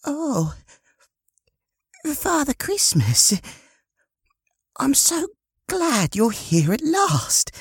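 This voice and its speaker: A man's voice: very high voice, huge pitch swings, creaky, dry recording, studio quality, voice pushed up, exaggerated voice. A man voicing a flustered grey-haired matron. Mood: relieved, hurried. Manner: flustered, hurried and gushing. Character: fussy grey-haired woman running a children's home.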